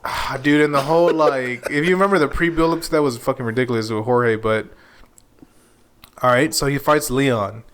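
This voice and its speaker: A man hosting a podcast, chatting casually and telling sports stories in a loose, profane, animated way. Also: mid-range voice, moderate pace. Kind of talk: casual chat.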